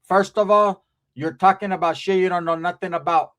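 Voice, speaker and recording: A man's voice: high-pitched, steady tone, moderate pace, a bit bright. A man voicing his other aunt as she complains bluntly and curses about family trouble. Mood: complaining. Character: blunt cursing aunt, middle-aged woman.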